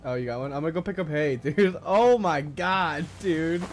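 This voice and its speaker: A man streaming a horror game with friends, excitable and swearing, bursting into laughter. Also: a little high, fast talker, slight background noise. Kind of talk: casual gaming chat with friends.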